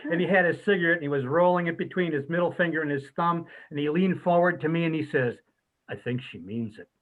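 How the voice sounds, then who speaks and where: A man's voice: a little high, quick pace. A man telling funny anecdotes at an online memorial, laughing often as he talks. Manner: laughing, lively storyteller. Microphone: video call. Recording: tinny phone-like call audio.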